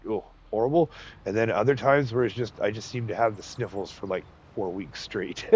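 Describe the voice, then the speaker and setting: A middle-aged man with a head cold talks through a farming game, his voice nasal and stuffed up. He rambles in a relaxed, folksy way, chuckling between thoughts as he narrates what he's doing for his channel. His pitch sits in a mid range for a man. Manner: chatty, folksy, chuckles often. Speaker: gaming channel host. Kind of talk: casual gameplay commentary.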